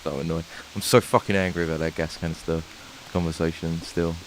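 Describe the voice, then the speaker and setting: A man's voice: sits low, flat delivery, a little fast. A man with a London accent streaming a game and ranting in frustration, swearing often. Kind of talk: live gameplay commentary. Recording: noisy home stream recording.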